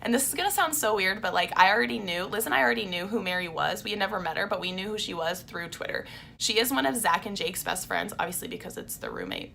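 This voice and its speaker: A woman's voice: medium pitch, gravelly, sharp tone, a little hiss or hum. A young woman telling a story in a casual vlog, chatty and openly emotional, with lots of "like". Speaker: vlogger.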